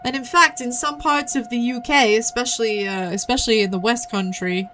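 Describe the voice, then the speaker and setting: A woman streams a horror puzzle game, talking casually and joking about the characters. Her voice is bright and lifted a little high. She keeps up a playful, chatty commentary. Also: fairly even intonation, a little fast, slight background noise. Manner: chatty, playful, giggly asides. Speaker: VTuber streamer.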